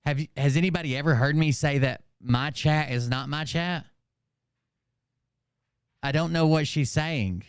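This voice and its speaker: A man's voice: fairly high pitch, measured pace, pauses often, clean tone, dry recording, studio quality. A man hosting his channel, ranting casually with lots of swearing and rambling restarts. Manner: profane, rambling, exasperated. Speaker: channel host. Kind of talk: casual livestream rant.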